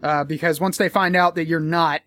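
A man's voice: on the high side, fairly even intonation, moderate pace, sharp tone, dry recording. A man in a casual commentary vlog, talking in a rambling, profane, joking way. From United States.

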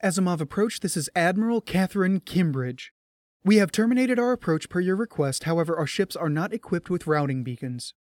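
A man voicing a calm female admiral speaking over a radio channel. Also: high voice, brisk, no echo, clean studio sound, pitched above the performer's own voice. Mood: measured.

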